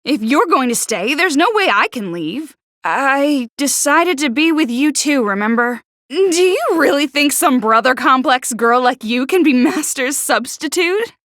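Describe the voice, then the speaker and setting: A woman voicing a prickly, sharp-tongued teenage girl in a video game, who stutters when flustered. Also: high voice, lively intonation, a little slow, no room sound, clean studio sound. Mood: exasperated. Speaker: game character.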